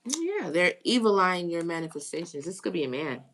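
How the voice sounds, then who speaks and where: A woman giving a live tarot reading, animated, with exclamations and phrases repeated for emphasis. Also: fairly low pitch, a little fast, slight background noise. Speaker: tarot reader.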